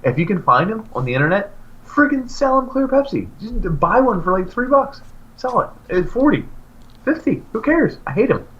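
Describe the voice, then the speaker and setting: A man co-hosting a casual podcast, ranting through stories with his voice leaping all over the place. The sound is a bit dull and lo-fi. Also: moderate pace. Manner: animated ranting storyteller with big pitch jumps. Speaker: podcast co-host. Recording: slightly dull lo-fi recording.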